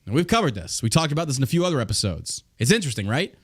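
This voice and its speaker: A man's voice: mid-range voice, very animated, rapid-fire, breathy edge. Profane, heated podcast host, a man. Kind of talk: casual podcast rant.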